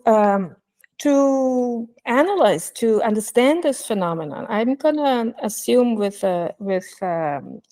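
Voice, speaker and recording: A woman's voice: mid-range voice, warm tone. A woman giving an academic linguistics talk at an online conference over a computer mic, thinking aloud with many fillers and restarts. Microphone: computer mic on a video call.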